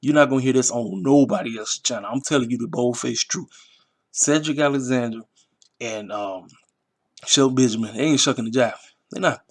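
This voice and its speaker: A man's voice: mid-range voice, fairly quick. A man hosting his own wrestling review channel, talking in a casual, rambling, emphatic way full of slang and repetition. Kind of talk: casual commentary.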